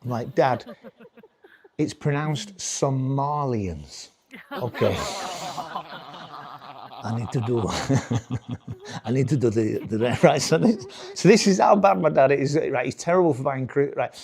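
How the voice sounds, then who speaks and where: Rambling British stand-up comic. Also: male voice, mid-range voice, moderate pace, vocal fry, crowd noise. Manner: rambling, self-interrupting, chuckling. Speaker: stand-up comedian. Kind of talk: live stand-up.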